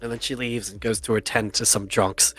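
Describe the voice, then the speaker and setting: A man narrating as game master for a tabletop game, relaxed and often chuckling, with lots of fillers. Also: lowish voice, brisk, slightly rough, soft background music.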